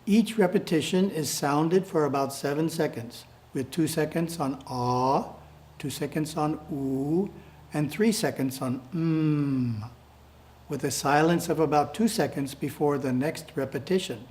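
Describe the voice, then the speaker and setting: A man reading his editorial aloud as calm, measured spiritual instruction. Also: fairly high pitch.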